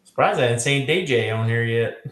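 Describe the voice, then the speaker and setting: A man's voice: medium pitch, lively intonation, normal speed, a bit bright. A man chatting casually, giving short replies and chuckles. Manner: brief backchannels, chuckles. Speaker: live stream panelist. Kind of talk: casual chat. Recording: echoey room.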